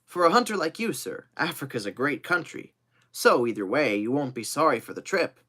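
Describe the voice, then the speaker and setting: A man's voice: mid-range voice, big pitch swings, fairly quick, pushed and bright. A man voicing a cheerful, loyal young manservant who talks eagerly and earnestly.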